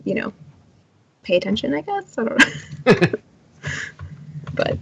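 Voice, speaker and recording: A woman co-hosting a casual podcast, chatty and enthusiastic, quick to agree with the others. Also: on the high side, sing-song, creaky, highs cut off, noisy background. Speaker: podcast co-host. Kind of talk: casual chat.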